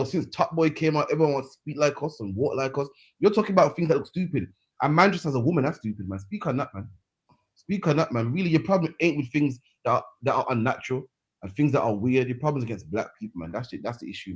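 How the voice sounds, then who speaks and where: A man's voice: medium pitch, animated, fast, husky. A man hosting a reaction commentary, heated and mocking, ending phrases with "man". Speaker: host. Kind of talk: street preaching reaction commentary.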